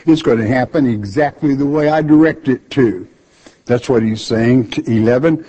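A man's voice: mid-range voice, moderate pace, dark tone. A man preaching a sermon. He reads scripture aloud and bluntly explains it, scolding listeners with rhetorical questions. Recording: dull lo-fi recording.

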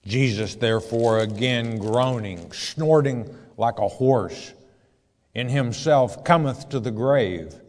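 A man's voice: medium pitch, slow pace, a little mellow, long reverb tail. A man teaching scripture verse by verse, reading each passage and then explaining it in plain words. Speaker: preacher.

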